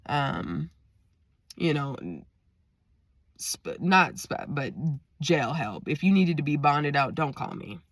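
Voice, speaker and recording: A woman vlogger casually telling a personal story to her viewers, acting out the dialogue with lively energy. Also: sits low, takes it slowly, pauses often, no echo. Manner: animated, lively retelling with quoted dialogue; talks straight to viewers.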